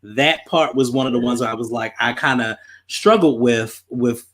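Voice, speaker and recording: A man tells a story on a podcast, talking in a loose, animated way. He swears freely and repeats himself as the story builds. His voice sits at an average pitch. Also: normal speed. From Baltimore, USA. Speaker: podcast host. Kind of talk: casual storytelling.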